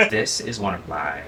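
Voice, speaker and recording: A man giving a casual closet tour, chatting and telling stories with frequent laughs. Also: lowish voice. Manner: animated storyteller, laughs often. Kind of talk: casual chat. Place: home closet, echoey room. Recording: roomy, distant, faint noise.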